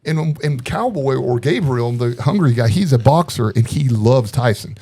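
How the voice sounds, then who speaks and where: A man telling a story in casual podcast chat, lively and animated, slipping into the voices of the people he quotes. His pitch sits in an ordinary middle range, and he laughs often as he talks. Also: normal speed. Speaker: podcast guest.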